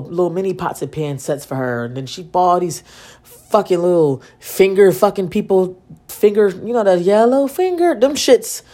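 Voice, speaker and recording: Young woman podcaster, casual solo storytelling, profane and slangy, with a lively swinging pitch. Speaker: podcast host.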